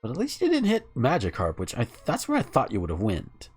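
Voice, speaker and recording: A young adult man from the American South, giving animated live commentary while gaming, cursing and laughing at the game. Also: medium pitch, brisk, breathy edge, soft background music. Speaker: game streamer.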